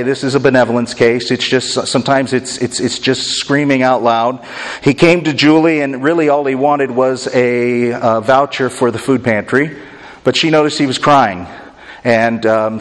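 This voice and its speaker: Man, pastor, sermon, earnest, rhythmic repeated phrases, mid-pitched voice, long church reverb.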